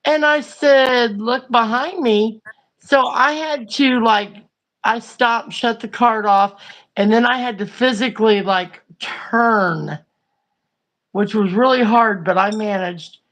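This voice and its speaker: A woman hosting a livestream tells a funny story in a casual, chatty way, with lots of fillers. Her voice is a little high and a bit bright, and she speaks slowly.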